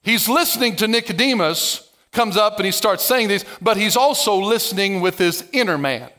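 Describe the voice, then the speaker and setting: A man preaching a lively, conversational sermon as a pastor, acting out biblical dialogue with playful sarcasm and humor. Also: sits high, moderate pace.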